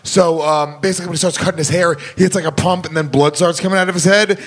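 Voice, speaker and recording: High-voiced man, laid-back storyteller. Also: steady tone, fast. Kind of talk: casual comedy chat.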